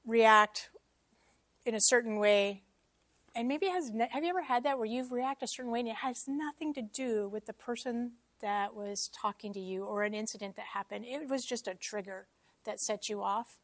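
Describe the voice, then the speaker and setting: A woman's voice: a little high, moderate pace, no echo. A woman giving a casual, self-deprecating teaching talk to a church congregation, with joking asides. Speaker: church speaker.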